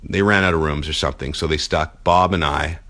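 A man's voice: extremely low pitch, steady tone, brisk, sharp tone. A man hosting a podcast in a hotel suite, joking casually and laughing often. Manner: laughs often, playful teasing. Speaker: podcast host. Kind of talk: casual banter.

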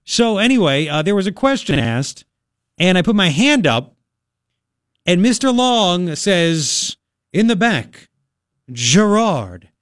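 A man's voice: sits high, big pitch swings, a little slow, clean tone, dry recording. A man hosting a talk radio show, ranting bluntly and with exasperation in studio commentary.

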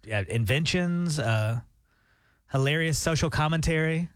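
A man co-hosting a morning radio show, joking in a deadpan, mock-serious way. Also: fairly high pitch, a little slow, no echo, clean studio sound. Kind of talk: casual radio banter. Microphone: studio microphone.

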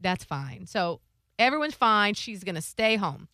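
A woman's voice: mid-range voice, big pitch swings, a little slow, pushed and bright, dry recording, studio quality. A middle-aged woman chatting casually, telling a family story and acting out quoted voices. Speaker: co-host. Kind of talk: casual chat.

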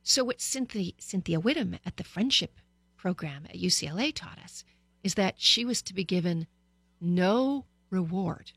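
A middle-aged woman hosts a radio talk show in a candid, conversational monologue. Her voice is bright and forceful. The studio sound is dry and close. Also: lowish voice, expressive, normal speed, creaky, slightly rough, dry recording. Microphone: studio microphone.

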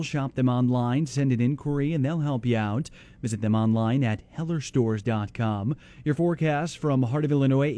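A man reading ads, weather and news on local radio in a steady, scripted delivery. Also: mid-range voice. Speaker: radio newsreader.

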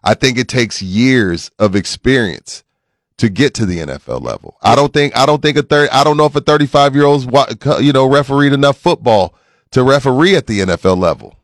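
Forties guy on sports radio, mid-pitched, gets loud n laughy when riled, super dry close mic. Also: a little fast, no echo. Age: 40s. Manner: animated, laughing and raising his voice when riled. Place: radio studio. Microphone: studio mic.

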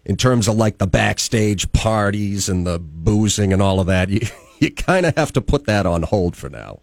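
A man's voice: on the low side, lively intonation, moderate pace, creaky, a little mellow, no echo. A man from Boston hosting a morning talk radio show from the studio in an upbeat announcer delivery. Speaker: radio host.

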